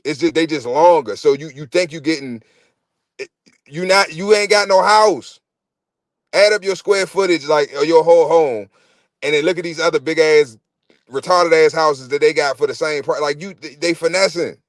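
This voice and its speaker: A man, hosting a podcast in a casual, profane rant. He is animated, repeats himself and stumbles over words. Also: on the high side, a little fast, no echo, studio quality. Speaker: podcast host. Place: podcast studio.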